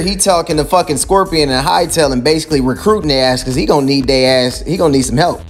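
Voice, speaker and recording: A man casually recapping a comic book story in slangy, heavily profane talk. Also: mid-range voice. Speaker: comic book video host.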